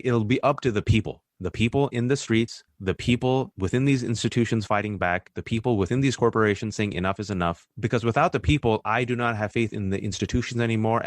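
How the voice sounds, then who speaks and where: A man's voice: fairly low pitch, dry recording. A man giving impassioned political commentary as a podcast guest, emphatic and mocking his opponents. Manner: rapid, emphatic, mocking opponents in quoted voices.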